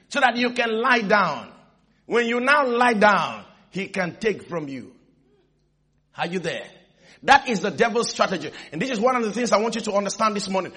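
A male pastor preaching a sermon, calling on his congregation for responses and raising his voice to shouts. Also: high-pitched, husky.

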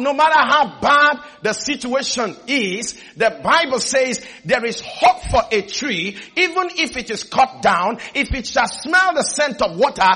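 A man's voice: extremely high pitch, sharp tone, breathy edge. A male pastor preaching an emphatic sermon, calling for amens from the congregation. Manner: emphatic call-and-response preaching.

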